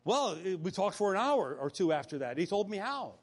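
A man's voice: high-pitched, sing-song, brisk. A man preaching a conversational sermon, often restarting phrases and acting out quotes. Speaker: pastor.

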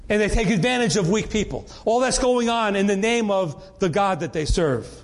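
A man's voice: sits high, lively intonation, normal speed. A middle-aged man, preaching a sermon to his congregation in an earnest, conversational way with frequent restarts. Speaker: pastor.

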